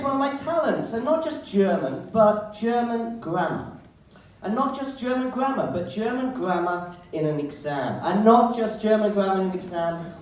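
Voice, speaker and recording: A man's voice: sits high, darkish tone. A man doing a stand-up comedy set in a live venue, self-mocking and dry, turning to the crowd with asides. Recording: roomy live stage sound from a distance. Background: audience laughter and room ambience.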